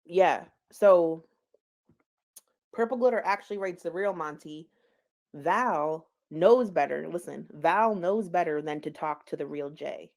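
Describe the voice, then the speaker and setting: A woman's voice: on the low side, unhurried, darkish tone. A woman giving casual, gossipy commentary on online drama. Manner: chatty, gossipy, laughs at own stumbles. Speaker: commentary streamer.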